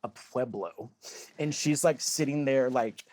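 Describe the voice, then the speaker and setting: Man, comedian guest, casual storytelling, rambling, lots of "like", mid pitch, dry close mic. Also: a little slow, darkish tone, no room sound. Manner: rambling, heavy use of "like", acts out quoted voices.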